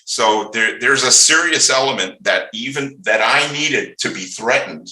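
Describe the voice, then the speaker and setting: An older man, a bass player, talking as an interview guest. He is outspoken and rambling, with many restarts as he tells stories. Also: expressive, a little slow, pushed and bright, echoey room, rough recording. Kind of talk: casual interview storytelling.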